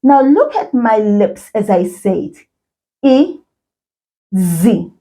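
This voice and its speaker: Slow, lively-voiced teacher woman. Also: fairly high pitch. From South Africa. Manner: slow, encouraging, repeats words for learners to echo. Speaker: children's isiZulu teacher. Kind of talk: children's language lesson.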